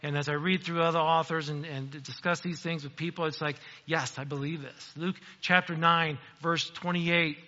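A man's voice: a little high, little pitch movement, normal speed, hardly any pauses, pushed and bright, big-room sound, dull audio. A middle-aged man, a pastor, preaching a sermon in a church sanctuary in a conversational, self-deprecating storytelling way.

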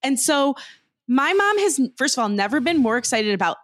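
A young woman hosting a podcast in casual chat, telling stories in an animated, laughing way. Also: high-pitched, normal speed, no echo. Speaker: podcast host.

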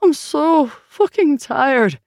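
A woman narrator voicing a burly young male busboy, worn out, his voice high and shaking with sobs. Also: big pitch swings, moderate pace, no echo, studio quality. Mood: breaking down.

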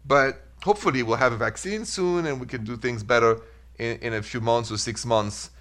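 French-accented male advice host, upbeat call-in patter, average pitch. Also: fairly bright tone. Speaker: radio advice show host.

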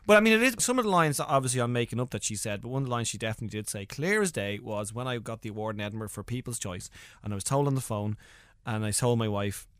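Irish man, animated comic storyteller. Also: mid-range voice, fast, no room sound, studio quality. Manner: animated storytelling, acts out voices, laughs often. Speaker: comedian guest. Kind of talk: casual interview chat.

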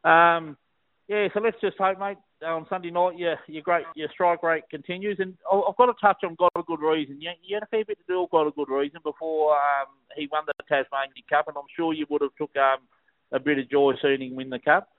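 A man's voice: on the high side, steady tone, brisk, no room sound. Chatty Australian man on a phone line. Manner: chatty, matey, keeps saying mate. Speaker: racing tipster calling in. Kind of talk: casual phone chat.

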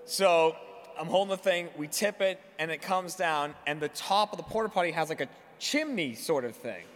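A man co-hosting a podcast, telling a story in animated, laughing casual chat. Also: a little high, normal speed, long reverb tail, a little hiss or hum. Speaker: podcast co-host.

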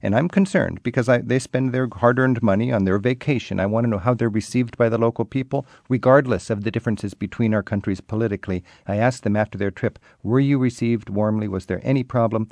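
A man's voice: medium pitch, quick pace, hardly any pauses, darkish tone, no echo. A man hosting an interview, conversational and affirming with short interjections. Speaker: interview host.

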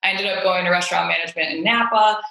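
A woman's voice: on the low side, very fast, creaky, pushed and bright, roomy sound, rough recording. A woman being interviewed on a podcast, chatty and casual, often tagging sentences with "right?". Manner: chatty, frequent "right?" and "like", laughs easily. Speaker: podcast guest, strategy director.

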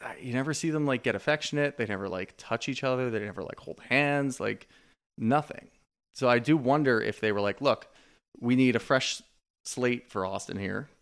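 A man co-hosts a podcast in a mid-range voice with a gravelly, creaky edge. He rambles through his theories, full of "like" and casual swearing. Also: mid-range voice, normal speed, fairly bright tone. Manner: rambling, sweary, lots of filler likes. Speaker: podcast co-host. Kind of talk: casual chat recapping a reality show.

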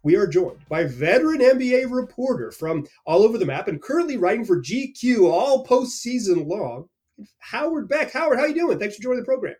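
A man's voice: sits high, a little fast. A man hosting a casual podcast interview, talking with energy and telling stories with lots of restarts. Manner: energetic, animated storyteller with frequent restarts. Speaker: podcast host and team reporter.

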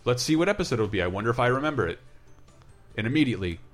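Animated rambling podcast co-host, a man. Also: mid-range voice, rapid-fire, soft background music. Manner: rambling, animated, swears casually. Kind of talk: casual podcast chat.

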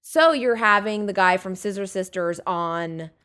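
A woman telling a long, animated story in casual chat, swearing freely and acting out what people said. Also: mid-range voice, unhurried, clear, resonant tone. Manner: animated, profane storytelling with acted-out quotes.

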